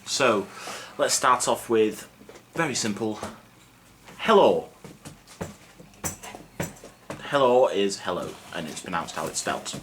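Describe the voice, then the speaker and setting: A young man teaching a casual video lesson in a relaxed, self-mocking, chatty way with lots of fillers. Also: fairly low pitch, measured pace. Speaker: Welsh language teacher. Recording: faint background noise.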